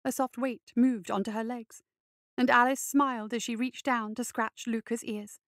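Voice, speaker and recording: A woman reading a fantasy story aloud in measured, even scripted narration. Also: on the high side, no echo, clean studio sound. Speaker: reader.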